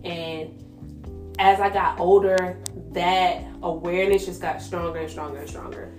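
Young woman, low-ish voice, candid slangy storyteller; echoey room, faint music bed. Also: steady tone, measured pace. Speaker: guest sharing her testimony. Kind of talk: casual faith conversation. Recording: roomy echo with soft music behind.

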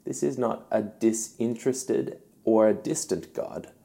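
A young man, a youth pastor, giving an earnest devotional teaching talk with gentle, emphatic pauses. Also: lowish voice, creaky.

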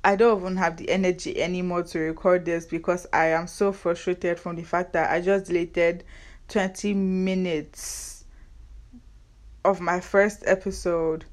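A young woman in her twenties with a Nigerian accent hosts her own podcast. She talks casually in a slightly low voice, full of sarcasm and banter. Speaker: podcast host. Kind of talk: casual solo podcast chat.

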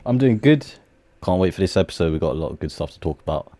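A man's voice: deep voice, expressive, fast talker, dark tone, dry recording. A man co-hosting a podcast, telling a story in an upbeat, laid-back way with plenty of fillers. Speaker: podcast co-host. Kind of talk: casual chat.

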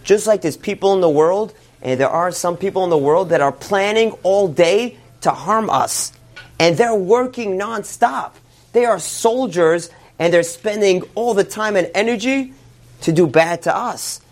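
Male rabbi, sermon storyteller, animated retelling. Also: sits high. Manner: animated retelling, quick asides.

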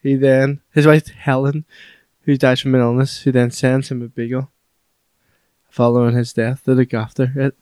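A man co-hosting a podcast, chatting casually and retelling plots in an animated way. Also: medium pitch, normal speed, clean tone, no room sound. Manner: animated storytelling, acts out quotes. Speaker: podcast co-host. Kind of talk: casual chat.

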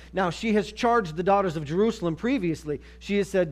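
High-voiced man preaching a sermon. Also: expressive, fairly quick, few pauses. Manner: dramatic, swinging from loud emphasis to near-hushed asides. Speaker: pastor.

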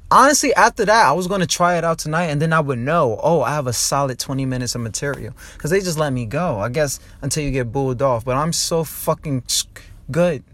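Sitting in a parked car, this young New Jersey comedian and podcaster goes on a loud, rambling, profane rant and cracks himself up. His pitch runs high, with no room sound in the recording.

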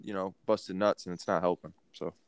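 A man's voice: deep voice, fairly even intonation, brisk, clear, resonant tone, no room sound. A young man co-hosting a casual podcast, joking crudely and swearing freely. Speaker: podcast co-host.

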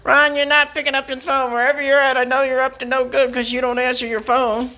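A man putting on a shrill scolding mother. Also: little pitch movement, a little fast, bright, forceful tone, heavily acted.

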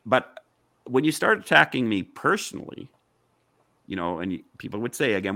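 A man's voice: mid-range voice, sing-song, fairly quick, creaky, bright, forceful tone, no room sound. A man in a heated online panel discussion, arguing insistently and firing off rhetorical questions.

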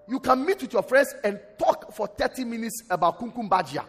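A man's voice: extremely high pitch, animated, brisk, fairly bright tone, breathy edge. A man preaching a sermon in church. He quotes scripture and calls on the congregation to respond. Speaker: pastor. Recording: long hall reverb, faint music.

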